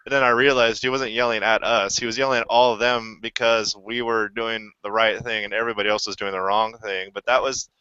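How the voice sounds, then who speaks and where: Army vet guy rambling, lots of restarts and swearing, bright smooth voice. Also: fairly low pitch, little pitch movement, a little fast, hardly any pauses, no room sound. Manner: rambling, restarts often, profane. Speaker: Army veteran. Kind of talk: casual chat. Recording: dull lo-fi recording.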